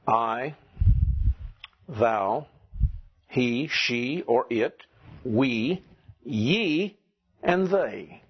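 Slow husky Southern man teaching class. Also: medium pitch, very animated. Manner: slow, deliberate, drills pronunciation. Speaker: Greek teacher. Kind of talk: classroom lecture. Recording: dull lo-fi classroom recording.

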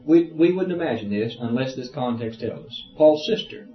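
A man's voice: mid-range voice, expressive, moderate pace. Man, Bible class teacher, reads verses then explains, echoey room, muffled old recording. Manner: reads scripture aloud then explains in plain talk. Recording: roomy, dull lo-fi tape.

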